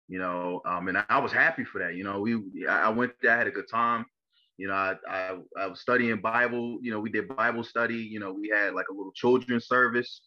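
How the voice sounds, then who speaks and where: A young man from Maryland telling his life story in an interview, halting and full of fillers and restarts. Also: on the low side, highs cut off. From Maryland, USA. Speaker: interview guest. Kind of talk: personal testimony interview.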